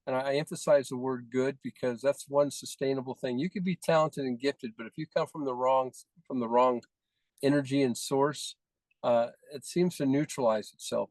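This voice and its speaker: A man's voice: medium pitch, a little mellow, no room sound, low-quality recording. A man leading a team call, praising members one by one in effusive, repetitive phrases. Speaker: team leader presenting recognitions.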